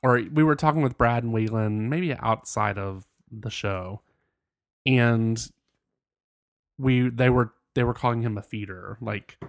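A man's voice: mid-range voice, unhurried, creaky, dry recording, studio quality. A man co-hosting a podcast, chatting casually and joking with lots of laughter. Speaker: podcast co-host. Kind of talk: casual chat.

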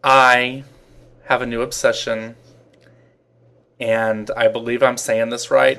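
A man co-hosting a loose, casual talk show. He is chatty and laughs often. His pitch sits in the middle. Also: flat delivery, takes it slowly, vocal fry, long pauses, fairly bright tone, clear, resonant tone. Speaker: podcast co-host. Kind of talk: casual chat.

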